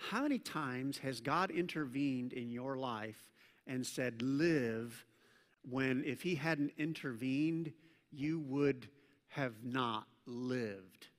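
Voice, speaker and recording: Bright-voiced pastor preaching in a reverberant church. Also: male voice, fairly high pitch. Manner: conversational, joking with the congregation; swings between loud emphasis and hushed intensity. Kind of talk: sermon. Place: church service with a congregation.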